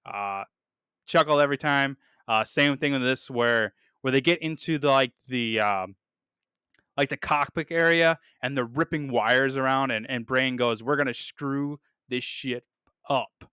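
Chatty man with a bright, crisp voice. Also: mid-range voice, measured pace, no echo, clean studio sound. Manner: chatty, many filler "uh"s and restarts, chuckles. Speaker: podcast host. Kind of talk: casual movie review podcast.

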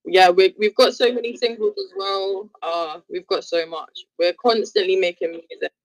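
A woman's voice: mid-range voice, moderate pace, no room sound, low-quality recording. A British woman, a musician, chatting as a guest on a podcast in a friendly, easygoing way. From United Kingdom. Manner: friendly, easygoing, laughs readily. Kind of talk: casual interview chat.

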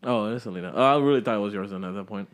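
A man co-hosting a casual podcast chat, laid-back and quick to laugh, swearing freely. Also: on the low side. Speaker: podcast co-host.

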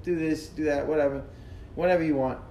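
A man's voice: fairly high pitch, steady tone, fairly quick, mellow, lo-fi sound, slight background noise. A man hosting a casual wrestling chat, rambling and laughing often. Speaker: podcast host. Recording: echoey room with faint ambience.

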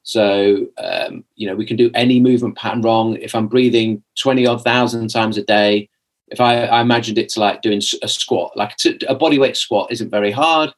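In a steady, mid-range voice at normal speed, a young male podcast guest tells a rambling tale from his life. The chat is casual and messy, full of restarts and "like," with him reenacting his earlier words.

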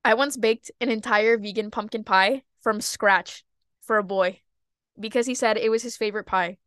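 A young woman talks through her own podcast episode in a candid, animated way, laughing at herself and sometimes breaking into sudden high outbursts. Her voice sits a little high. The sound is dry and close, with no room around it. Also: normal speed, smooth, no echo. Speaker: podcast host. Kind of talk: personal podcast monologue.

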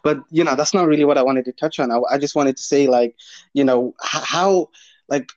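A man chats casually on a podcast, slangy and full of stumbling restarts. His mic sounds dull and lo-fi, with the highs cut off. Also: fairly quick, a little mellow. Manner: casual, slangy, hesitant restarts, says bro. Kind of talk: casual political podcast chat.

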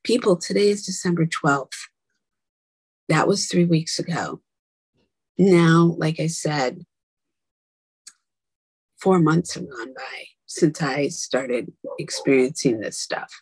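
A woman's voice: sits low, takes it slowly, long pauses, a little mellow, breathy edge, no echo, rough recording. A woman telling her own story in a candid, angry, blunt and profane monologue, with whispered asides.

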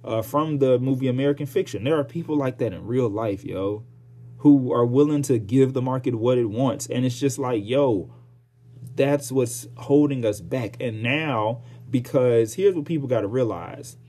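A man's voice: medium pitch, moderate pace, dark tone. Heated, profane man ranting on his podcast. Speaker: podcast host. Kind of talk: casual solo podcast rant.

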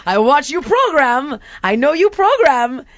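A woman's voice: extremely high pitch, big pitch swings, moderate pace, sharp tone, dry recording, dull audio, voice pushed up, exaggerated voice. A woman voicing an overeager, clingy male tour guide who talks in an eager, chummy, star-struck way.

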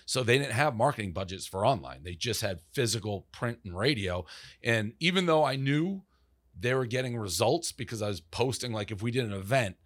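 Brief: forties man, low voice, profane storyteller who quotes others, dry close mic. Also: animated, brisk, fairly bright tone, no room sound. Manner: loose, profane, quotes people in asides. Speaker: interview guest, media founder. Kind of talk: casual interview storytelling.

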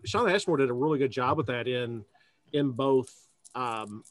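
A man's voice: medium pitch, lively intonation, normal speed, dry recording. A man co-hosting a podcast, chatting casually and rambling with restarts and jokes. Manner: rambling, self-correcting, jokey. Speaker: podcast co-host. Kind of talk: casual chat.

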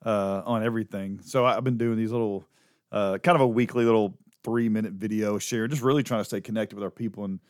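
A man's voice: lowish voice, fairly even intonation, fast, clean tone, no echo, clean studio sound. A man co-hosting a church podcast as a pastor, talking in an easygoing, teasing way. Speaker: pastor and co-host. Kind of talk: casual podcast chat.

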